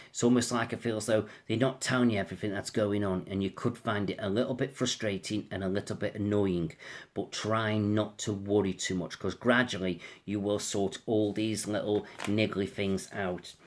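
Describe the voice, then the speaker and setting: A man's voice: fairly low pitch, a little fast. A man giving a casual astrology reading, rambling and reassuring, often repeating "I feel so". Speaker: astrologer and tarot reader.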